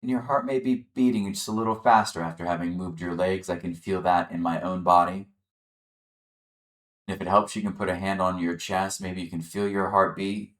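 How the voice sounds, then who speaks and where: A man leading a chair yoga class, calmly guiding the listener through breathing and gentle movement. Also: deep voice, moderate pace, roomy sound. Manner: calm, encouraging, guiding the breath step by step. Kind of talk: guided exercise instruction.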